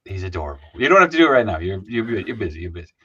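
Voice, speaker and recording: A man hosting a live stream, chatting casually and animatedly with guests and shouting out viewers. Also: low voice, big pitch swings, rapid-fire, a little hiss or hum. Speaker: stream host. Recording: slightly dull lo-fi stream audio.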